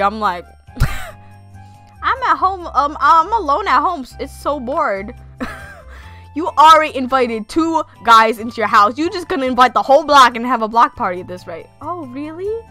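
A woman commentating her own gameplay, reacting loudly and giggling, sometimes voicing the characters. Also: high voice. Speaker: gamer. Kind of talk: let's play commentary.

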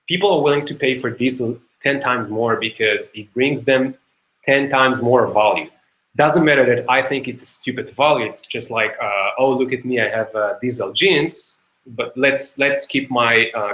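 A man's voice: mid-range voice, fairly bright tone, reverberant, poor audio. Chatty man teaching a webinar. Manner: chatty, many fillers and "okay?" checks. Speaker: webinar teacher, company co-founder. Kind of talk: online webinar lesson.

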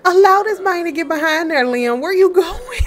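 A woman's voice: extremely high pitch, expressive, normal speed, background noise. A woman casually commenting on her life-sim game, chatty and playful, talking to her characters. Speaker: let's play streamer.

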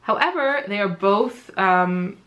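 A woman's voice: medium pitch, lively intonation, slow, fairly bright tone. A woman chatting casually about her favorite paints, enthusiastic and full of ums, often repeating her praise. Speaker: art supply reviewer. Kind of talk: laid-back chatty product talk.

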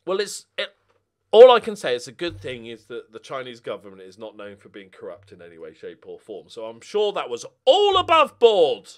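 A man giving casual commentary over a football management game, muttering and then bursting out in loud swearing. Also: medium pitch, wildly swooping pitch, normal speed. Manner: swears a lot, swings from mutters to angry outbursts. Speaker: gaming YouTuber.

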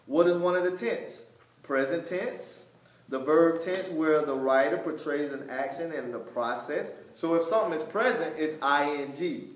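A man with a fairly high voice teaching a Bible study, repeating his words and hammering key points loudly before dropping into quiet asides. His voice rings in an echoey room. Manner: emphatic, repeats words, swings between loud stresses and quiet asides.

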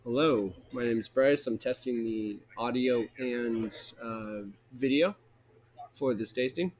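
A man's voice: medium pitch, takes it slowly, darkish tone, husky. A man helping test a livestream, speaking in a laid-back, hedging way. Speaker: helper testing the stream. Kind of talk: casual chat.

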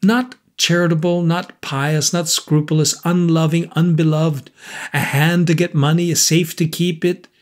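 A man's voice: on the high side, level tone, unhurried, voice pushed up, close to an everyday voice. A man reading a storybook voices a troubled, brooding man who talks in a gloomy, pressing way. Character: tense, brooding man, restless and intense.

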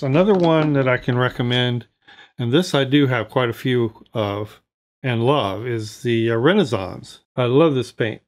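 An American man hosting his watercolor channel, reviewing paints to camera in a folksy, chatty way and talking straight to his viewers. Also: mid-range voice. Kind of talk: casual product review to camera.

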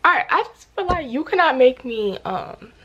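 A woman's voice: sits high, sing-song, moderate pace, a bit bright, highs cut off. A young woman vlogging casually at home, ranting in an irritated, slangy way to her viewers. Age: young adult. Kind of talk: casual vlog chat. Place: home bathroom or bedroom.

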